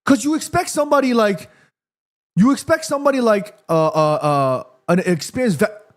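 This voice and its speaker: A man hosting a live football watchalong, reacting excitedly to the play and reading viewer comments aloud. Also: high voice, normal speed. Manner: chatty, addresses viewers and reads their comments. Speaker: watchalong host.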